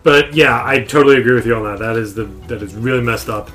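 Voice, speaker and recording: A man's voice: mid-range voice, quick pace, bright, forceful tone, soft background music. A young man hosting a casual podcast chat, recapping a game in a rambling way. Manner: rambling, many restarts and fillers.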